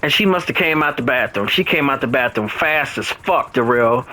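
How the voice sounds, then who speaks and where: A man's voice: medium pitch, moderate pace, hardly any pauses, a little hiss or hum, low-quality recording. A young man chatting casually while playing a video game, telling a story and acting out both sides of an argument. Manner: storytelling, animated quoting of others. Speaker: gamer.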